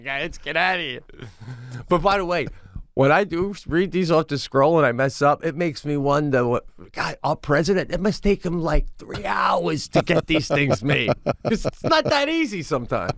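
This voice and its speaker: Animated, slightly high-voiced male podcast host. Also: no echo, clean studio sound. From Long Island, New York. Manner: animated storytelling, acts out voices in quotes. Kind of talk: casual comedic chat.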